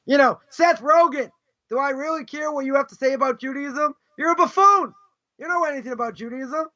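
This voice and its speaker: A male rabbi lecturing with a very high voice, firing off emphatic, scornful rhetorical questions. The audio is dull and lo-fi, with the top end muffled. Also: fast, fairly bright tone. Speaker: rabbi teaching a class. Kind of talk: live Torah lecture.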